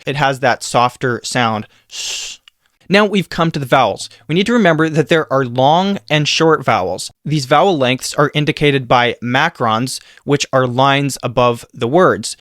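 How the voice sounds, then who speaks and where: A man giving a scripted Latin pronunciation lesson, saying example sounds slowly and carefully. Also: mid-range voice, fairly bright tone, dry recording, studio quality. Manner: slow, careful demonstration of sounds. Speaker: Latin teacher.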